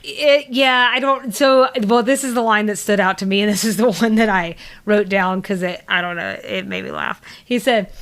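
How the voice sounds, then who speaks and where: A woman's voice: medium pitch, moderate pace, hardly any pauses, fairly bright tone. A woman from the American South with a Southern accent, co-hosting a podcast and recapping an episode in loose, rambling chat full of fillers. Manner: rambling, many fillers and restarts. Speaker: podcast co-host.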